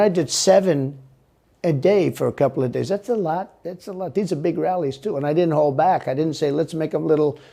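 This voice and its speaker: A man's voice: on the high side, vocal fry, warm tone, husky. A man answering interview questions in a rambling, repetitive and emphatic way. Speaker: interview guest.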